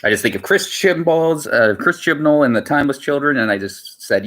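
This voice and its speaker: A man's voice: on the high side, expressive, a little fast, few pauses, a bit bright. A man chatting casually on his livestream, rambling and repeating himself with lots of filler words. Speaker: streamer.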